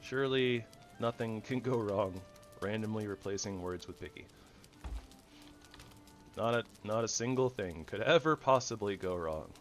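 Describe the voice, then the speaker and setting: A man giving goofy, rambling commentary over his own gameplay, jumping between loud excitement and soft mumbling. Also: fairly low pitch, moderate pace, pauses often, soft background music. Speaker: gaming channel host.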